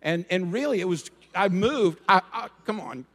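Male pastor, sermon delivery, slightly high voice, bantering with the congregation, in a hall with long reverb. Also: normal speed, slight background noise. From Rhode Island and Florida. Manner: lively, joking, asks the congregation to respond.

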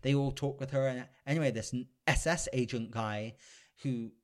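A man's voice: medium pitch, moderate pace. A man co-hosting a podcast in casual chat, rambling and enthusiastic, with lots of hedging fillers. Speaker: podcast co-host.

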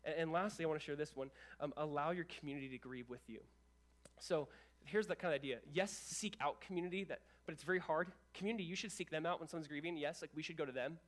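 Speaking to his congregation with quick asides, a young adult male pastor gives an animated, conversational sermon. His pitch is fairly high.

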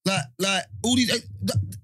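A man, co-hosting a casual podcast and telling animated stories in slang. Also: high voice, normal speed, slightly rough, no room sound. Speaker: podcast co-host. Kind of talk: casual banter.

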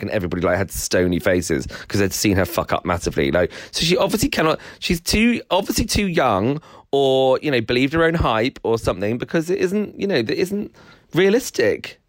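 Bloke co-hosting a casual review chat, swoopy lively voice, dry close sound, swears a bit. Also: male voice, dry recording. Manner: animated, swears and laughs, swoops high in surprise. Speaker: podcast co-host.

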